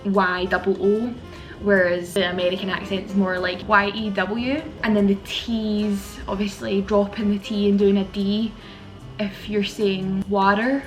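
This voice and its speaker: A woman's voice: medium pitch, level tone, unhurried, soft background music, low-quality recording. A woman with a Glasgow Scottish accent, chatting casually and giggly straight to camera in a vlog. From Scotland. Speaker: vlogger.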